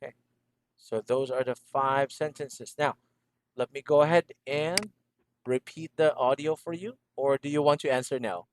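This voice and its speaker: A man's voice: medium pitch, moderate pace. A man teaching a one-on-one English lesson over a video call, patiently repeating instructions and laughing often. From Philippines.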